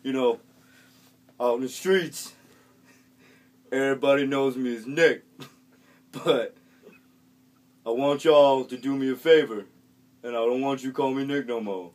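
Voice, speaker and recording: A man voicing a brash young male street kid in a recovery group, talking in loud, drawling street slang. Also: mid-range voice, measured pace, long pauses, close to an everyday voice.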